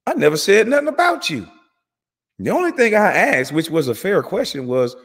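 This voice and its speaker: A man's voice: sing-song, gravelly, breathy edge, big-room sound. A man delivering an angry, profane commentary rant as host of his channel. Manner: heated, profane, rapid swings in pitch and volume.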